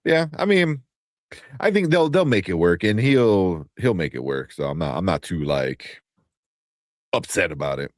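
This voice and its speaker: Very low voiced dude hosting a podcast, kinda sleepy, rambles and restarts a lot, dry close mic. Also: male voice, animated, unhurried, no echo. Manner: loose, rambling, with many restarts. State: sleepy, yawning. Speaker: podcast host. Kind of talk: casual chat.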